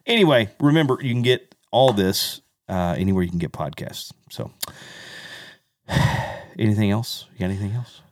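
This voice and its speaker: A man's voice: lowish voice, expressive, moderate pace, long pauses, slight background noise. A man co-hosting a podcast in casual chat, rambling with many fillers and restarts. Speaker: podcast co-host.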